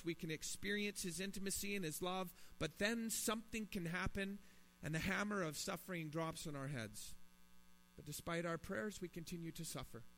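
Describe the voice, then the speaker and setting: A man's voice: high voice, a bit bright. Man preaching a sermon in a reverberant hall. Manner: earnest, rising to emphatic pleas. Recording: long reverb in a hall, mains hum.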